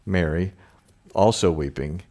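A man's voice: low-pitched, a little slow, dark tone. A man preaching a conversational sermon, with informal asides and chuckles. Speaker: pastor.

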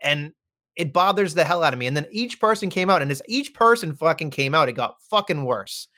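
Animated, profane ranting podcast man. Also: a little high, fairly quick. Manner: heated ranting, heavy swearing. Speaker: podcast co-host. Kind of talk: casual wrestling podcast chat.

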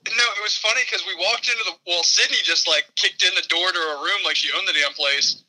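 Bright-voiced man calling in by phone. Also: high voice, quick pace, poor audio. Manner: laid-back, profane storytelling. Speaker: caller. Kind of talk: casual phone-in chat.

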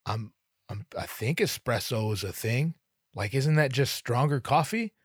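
Man, solo podcast host, rambling, profane, self-deprecating, mid-pitched, dry close mic. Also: lively intonation, measured pace, husky, dry recording. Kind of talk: solo comedic podcast monologue.

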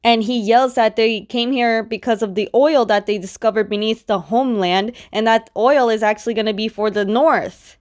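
A woman with a somewhat high voice retells a comic book story in a loose, chatty way. Her speech is full of casual fillers and quick asides. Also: a little mellow.

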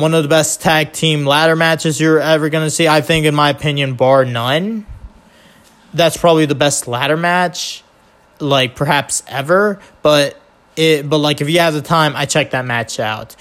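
A man with a nasal, slightly high-pitched voice hosts a casual solo podcast. He talks off the cuff, stumbling and restarting sentences often, with casual swearing. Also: fairly bright tone. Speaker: podcast host.

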